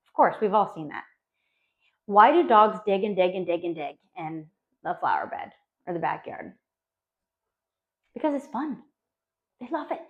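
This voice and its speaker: A woman dog trainer explaining training phases to owners, animated and acting out little voices for dogs and owners. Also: mid-range voice. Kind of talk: spoken instructional talk to dog owners. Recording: dull lo-fi sound.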